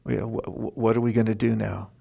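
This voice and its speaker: Excited happy pet dog a guy doing it, rushed, kinda gravelly. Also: lowish voice, lo-fi sound. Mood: eager.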